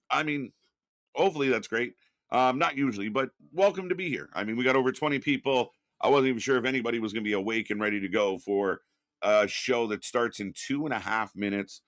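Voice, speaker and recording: Brisk and a bit bright, this mid-range male voice comes from a home studio with no echo. The middle-aged host of the live stream reads chat aloud and says hello to viewers, wandering through his talk with frequent fillers, restarts and the odd curse.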